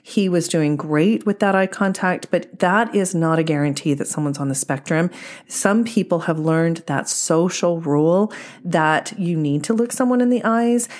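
A woman dating coach speaking a podcast monologue in a steady, explanatory and measured way. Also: on the low side.

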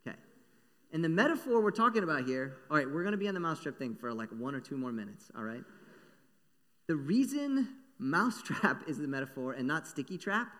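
A man preaching a sermon, playful and animated, acting out little voices as he talks. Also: fairly high pitch, fairly quick. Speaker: pastor. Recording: long echo of a large hall.

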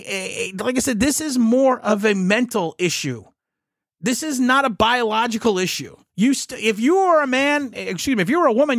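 A man's voice: extremely high pitch, fairly bright tone, no echo, clean studio sound. A man hosting a political commentary show, talking in an indignant way and often restarting his sentences.

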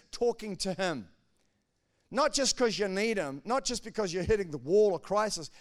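A man preaching a sermon, swinging between loud emphatic lines and soft, quiet asides. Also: high voice. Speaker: pastor.

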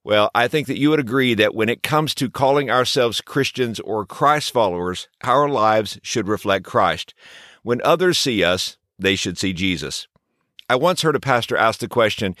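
A man's voice: fairly low pitch, animated, normal speed, a bit bright, no echo, studio quality. A man hosting a short daily devotional podcast, teaching in an earnest way with many rhetorical questions. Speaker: podcast host.

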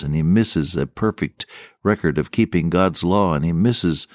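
A man's voice: sits low, dry recording, studio quality. An older man preaching a radio sermon, telling stories in a folksy, earnest way.

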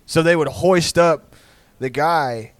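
A man's voice: fairly high pitch, takes it slowly, no room sound. A man from Texas hosting a podcast, telling comedic stories in a rambling, profane way. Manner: rambling, profane, with frequent restarts. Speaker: podcast host. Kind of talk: casual comedic storytelling.

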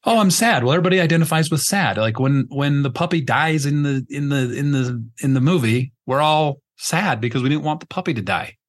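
A man's voice: mid-range voice, a little fast, few pauses. Rambling, emphatic man hosting a podcast. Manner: rambling, emphatic, searching for words with many restarts; swears casually. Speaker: podcast host. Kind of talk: casual podcast conversation.

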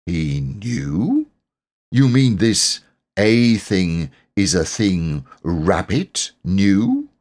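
A man's voice: deep voice, big pitch swings, a little mellow, exaggerated voice. A man doing Eeyore, a gloomy old donkey. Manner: slow, heavy, solemn drawl. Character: gloomy old male donkey, slow and scornful.

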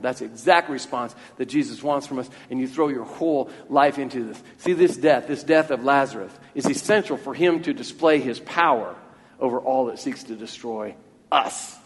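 A man of medium pitch, speaking at a normal speed, preaches a sermon in a church sanctuary. As the pastor, he talks earnestly and freely, often repeating words when he restarts a thought. The recording carries a long church reverb.

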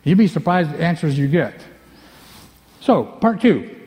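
A man preaching a sermon, animated, acting out the scenes and swinging between loud bursts and hushed asides. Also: a little high, normal speed. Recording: long reverb of a large hall.

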